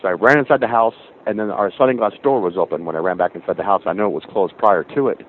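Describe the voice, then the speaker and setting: A man on a phone call to a radio show tells his story quickly in a low voice, rambling along in an animated way. The line sounds tinny, and a faint hiss runs underneath. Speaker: caller.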